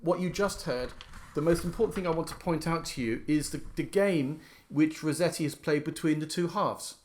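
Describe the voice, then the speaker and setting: A man's voice: on the high side, moderate pace, a little mellow, slight background noise. A middle-aged man giving an informal lecture as a musician, explaining by speaking out the stresses he describes. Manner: explains by demonstrating stresses aloud. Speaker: lecturer and violinist.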